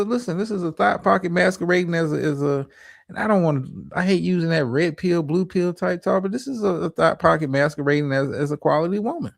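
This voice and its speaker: A man's voice: high-pitched, fast, vocal fry, dry recording, clean studio sound. A man hosting a livestream, reacting to a clip with profane, stammering, preachy relationship advice. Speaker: streamer host.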